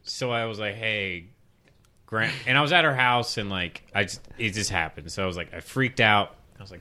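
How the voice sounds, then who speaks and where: A man's voice: fairly low pitch, moderate pace, bright, forceful tone. A man telling crude stories in a casual podcast chat, laughing often. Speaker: podcast co-host.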